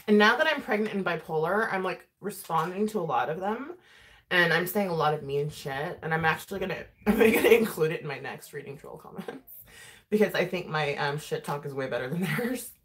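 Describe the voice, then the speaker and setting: A woman's voice: on the low side, lively intonation, brisk. A woman vlogger chatting casually while doing her makeup, talking freely, laughing often and swearing. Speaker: beauty vlogger.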